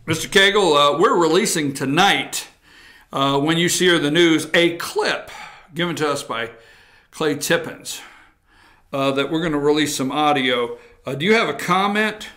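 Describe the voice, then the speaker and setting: Man playing a newsman pressing for comment: plain, direct, higher voice. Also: a little slow, sharp tone. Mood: questioning. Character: male news reporter asking for comment.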